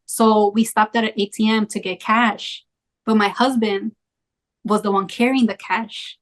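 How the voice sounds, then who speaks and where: A young woman in casual conversation, telling a travel story in a chatty, animated way with lots of fillers. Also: medium pitch, unhurried. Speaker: travel creator.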